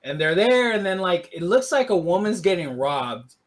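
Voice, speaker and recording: A man's voice: sits high, big pitch swings, moderate pace. A man with a slightly raised voice recapping a movie on a casual review podcast. He rambles loosely, fills his lines with "like," and acts out characters' quotes. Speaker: podcast co-host.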